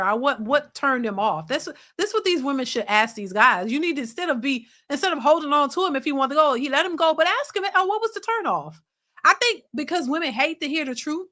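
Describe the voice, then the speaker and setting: Chatty woman reacting to a clip. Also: on the high side. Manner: chatty, animated, reads out viewer comments, laughs often. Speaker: reaction channel host. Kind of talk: casual commentary reacting to a clip.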